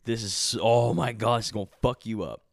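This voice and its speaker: A man's voice: medium pitch, fairly even intonation, normal speed, vocal fry, no room sound, clean studio sound. A man in his thirties in casual late-night chat, laid-back and profane, filling his talk with "dude" and "like". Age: 30s.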